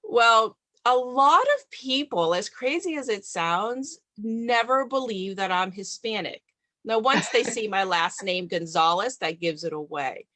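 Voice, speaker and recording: A woman's voice: medium pitch, expressive, a little slow, pushed and bright, no echo. Earnest woman guest with a dry sound. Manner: earnest and encouraging. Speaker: motivational speaker. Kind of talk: interview guest.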